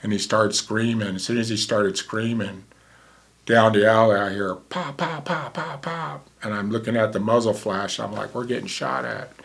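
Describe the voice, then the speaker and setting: A man's voice: on the low side, normal speed, vocal fry, a bit bright. A man in his sixties, a former paramedic, telling a vivid story in a casual way and acting out the dialogue.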